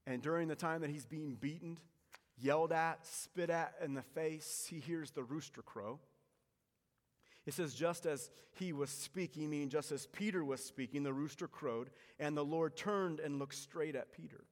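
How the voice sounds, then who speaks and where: A man delivering a dramatic sermon, his voice a touch higher than most men's. He swings between loud, pressing emphasis and quiet, hushed phrases, and a long reverb trails through the large hall. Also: moderate pace. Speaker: pastor.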